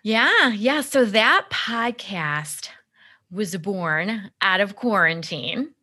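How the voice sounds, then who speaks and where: A woman's voice: medium pitch, animated, extremely slow, pushed and bright. A middle-aged woman, a guest on a podcast, telling her story in an earnest, reflective way. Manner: earnest, reflective, acts out quoted dialogue. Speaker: podcast guest, empowerment coach. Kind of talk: conversational interview storytelling.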